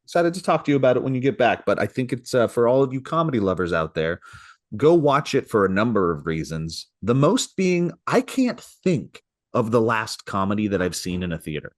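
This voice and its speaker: A man co-hosting a podcast, chatting in a relaxed, joking way and reacting with quick asides. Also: mid-range voice, dry recording, clean studio sound. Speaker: podcast co-host. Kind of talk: casual podcast chat.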